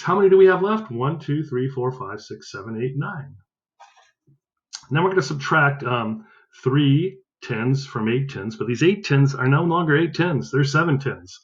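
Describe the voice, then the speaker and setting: A man's voice: medium pitch, lively intonation, measured pace, lo-fi sound. A male math teacher giving a recorded lesson, upbeat, counting aloud and correcting himself as he goes.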